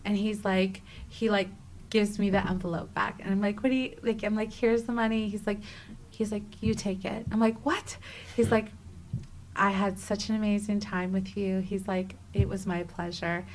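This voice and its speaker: Animated woman in her thirties telling a story. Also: mid-range voice, moderate pace, rough recording. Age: 30s. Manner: animated, acts out quoted dialogue with many "like"s. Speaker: guest, travel writer. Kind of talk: casual interview storytelling.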